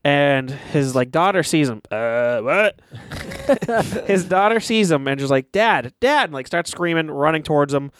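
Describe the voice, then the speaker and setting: A man's voice: on the high side, brisk, few pauses. A young man chatting casually, retelling a movie with lots of swearing and acted-out quotes. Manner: animated, swears often, acts out quotes.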